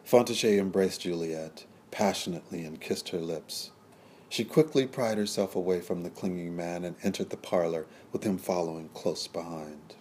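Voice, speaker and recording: A man narrating a period story in a measured, descriptive storytelling manner. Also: low-pitched, a little mellow, slight background noise. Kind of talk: scripted audiobook narration.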